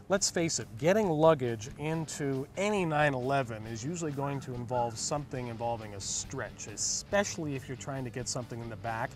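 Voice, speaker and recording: A man co-hosting a car review show, explaining features in an enthusiastic, chatty way. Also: mid-range voice.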